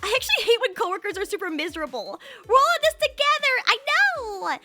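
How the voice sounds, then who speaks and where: A woman's voice: very high-pitched, very animated, fast talker, pushed and bright, faint music behind. A young woman VTuber chatting casually with her stream chat, rambling and playful with many fillers.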